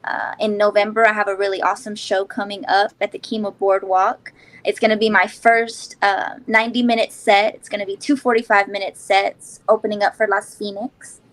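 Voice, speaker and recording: A woman's voice: medium pitch, little pitch movement, a little fast, poor audio. A young woman singer being interviewed, chatting casually and laughing often. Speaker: guest singer.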